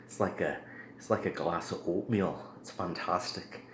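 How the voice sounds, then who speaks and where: A very deep-voiced man talks through a beer review in a loose, rambling vlog manner, filling pauses with ums and uhs. The room sounds echoey, with a faint hum of ambient noise behind him.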